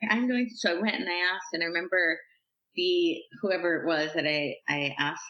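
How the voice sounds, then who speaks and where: A woman guest on a podcast, telling stories from her life in a chatty, animated way, acting out what people said. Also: on the low side, normal speed. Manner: chatty, animated, uses "like" a lot and acts out quotes. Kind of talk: casual storytelling interview. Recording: echoey room, slightly dull sound.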